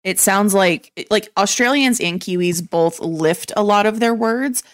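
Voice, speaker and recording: A woman's voice: medium pitch, a little slow. A woman with a faint Southern US accent, co-hosting a podcast in a rambling, filler-heavy chat with some swearing. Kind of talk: casual chat.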